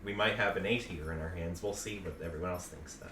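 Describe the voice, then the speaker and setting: A man's voice: sits low, quick pace, a bit bright. A man chiming in with wry, laid-back remarks in a casual chat. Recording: roomy, distant mic with hiss.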